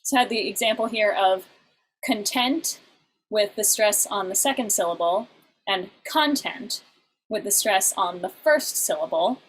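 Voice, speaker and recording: Woman teacher, patient explainer, lots of "uh"s, middle pitch, faint background hiss. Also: moderate pace, low-quality recording. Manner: explanatory, with frequent fillers and restarts. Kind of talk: online class lecture.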